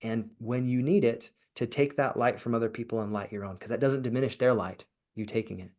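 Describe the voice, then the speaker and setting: A man's voice: medium pitch, steady tone, brisk, a little mellow. A man guesting on a podcast, talking earnestly about kindness and business, often restarting and repeating words. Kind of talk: motivational interview talk.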